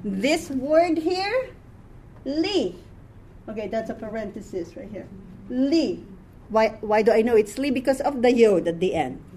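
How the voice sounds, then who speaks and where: A woman teaching a Hebrew class, explaining words patiently and repeating them slowly for her students. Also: a little high, expressive, mellow, slight background noise. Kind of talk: classroom lesson.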